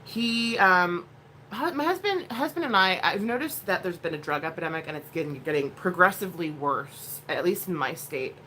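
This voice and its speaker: A woman's voice: fairly low pitch, animated, moderate pace, bright, forceful tone, slight background noise. A woman vlogging at home, telling a rambling story in a blunt, casual way with plenty of swearing. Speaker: vlogger, mother.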